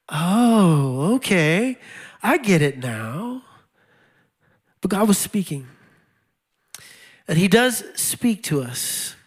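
High-voiced pastor preaching conversationally. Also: male voice. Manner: conversational, with wry laughs and repeated key lines. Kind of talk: sermon.

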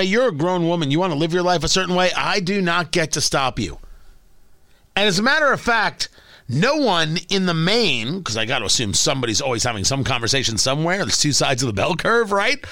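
A man hosts a talk radio show with a high voice that swoops and leaps across its range. His tone is bright and forceful, his delivery emphatic and heated. The sound is dry and close, straight from a studio mic. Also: big pitch swings, fairly quick, no echo. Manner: emphatic, rising to heated exclamations. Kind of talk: opinionated talk radio monologue.

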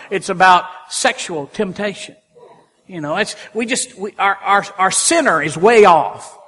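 A man preaching a sermon from a church sanctuary, animated and rising to loud exclamations. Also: high voice, husky, in a large hall. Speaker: pastor.

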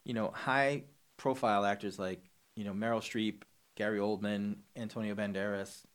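A man co-hosting a casual movie chat, talking in halting bursts with many restarts and a wry edge. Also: on the low side, steady tone, clean tone. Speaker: podcast co-host.

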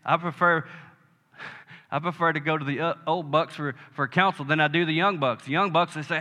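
Calling out for amens, a pastor drives his sermon home to the congregation with emphatic call-and-response. The voice sits on the high side, steady, a little fast, bright and forceful, and the church sanctuary echoes with long reverb.

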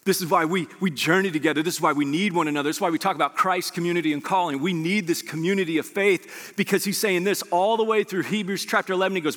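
A man preaching a sermon as pastor, animated and conversational with joking asides to his church. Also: sits high, quick pace, hardly any pauses. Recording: long reverb of a large hall.

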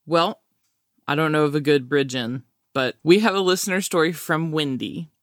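Guy cohosting a podcast, kinda high voice, laughs a lot, super dry close sound. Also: normal speed, no room sound. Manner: laughs often, animated. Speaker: podcast co-host. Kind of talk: casual chat.

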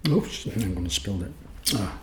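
A man's voice: low-pitched, expressive, moderate pace, reverberant. A sleep-deprived man co-hosting a podcast in rambling, self-deprecating casual chat. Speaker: podcast co-host.

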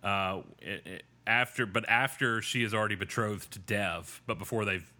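A man's voice: fairly low pitch, moderate pace, pushed and bright. A man hosting a podcast, recapping a TV episode in a rambling, self-deprecating way. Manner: rambling, self-deprecating, with many fillers and restarts. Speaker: podcast host. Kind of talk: casual episode recap chat.

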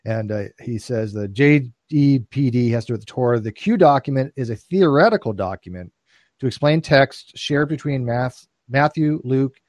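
A man's voice: mid-range voice, normal speed, darkish tone, dry recording. A man chats in a casual podcast discussion, loose and joking, with the odd swear word. His voice is close and dry, with no room sound. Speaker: podcast co-host.

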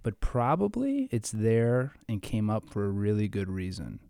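A man in his thirties who works as a therapist talks through his ideas on a podcast. His voice is low and mellow, and he explains things thoughtfully. The sound is dry and close. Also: wildly swooping pitch, normal speed, clear, resonant tone, no room sound. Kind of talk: casual podcast chat.

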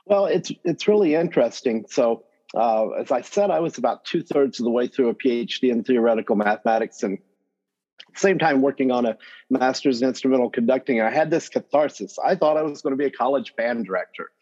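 A man with a North Carolina accent talks as a podcast guest, relaxed and chatty. His pitch is middling for a man, and the recording sounds a little dull. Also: brisk. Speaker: guest, math education professor. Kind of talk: podcast interview.

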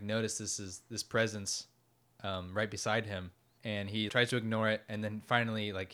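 A man's voice: fairly low pitch, fairly bright tone. A man in casual conversation, retelling a story with fillers and reflecting on its meaning. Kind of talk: casual faith discussion.

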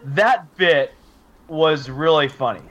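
A man co-hosting a podcast in casual chat, lively and joking. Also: on the high side, slow. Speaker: podcast co-host.

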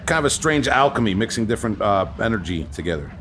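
A man hosting a podcast interview, talking in a halting, casual way with many ums and uhs. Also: lowish voice, sing-song, fairly bright tone, a little hiss or hum. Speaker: podcast host.

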